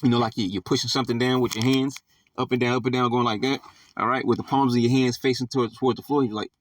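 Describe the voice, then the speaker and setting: A man's voice: mid-range voice, fairly even intonation, fast talker, dry recording, studio quality, distant mic. A man teaching a Bible study in a casual, conversational way, peppered with fillers like "all right" and "you know". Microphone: audio only, not seen.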